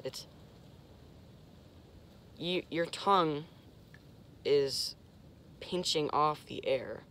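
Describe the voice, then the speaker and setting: A young man talks through a beginner's lesson on his own channel, his voice sitting a little high. He pauses and searches for words as he goes. Now and then he breaks into short, clipped demonstration sounds. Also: a little hiss or hum. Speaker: host. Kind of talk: casual instructional talk.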